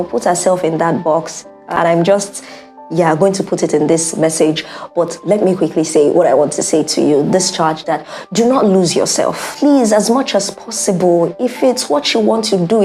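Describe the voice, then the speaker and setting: A young woman talks straight to her viewers in a heartfelt vlog, earnest and insistent, coming back to the same points so they land. Her voice sits on the low side for a woman, and soft music plays faintly underneath. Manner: earnest, repeats points for emphasis. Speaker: vlogger. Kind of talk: heartfelt personal monologue.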